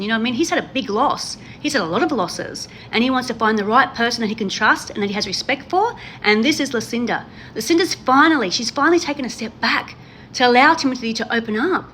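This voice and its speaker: Fast-talking gushing woman. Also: on the high side, a bit bright, a little hiss or hum. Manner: gushing, emphatic, repeats herself. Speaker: reality TV commentary host. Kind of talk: casual chat to camera.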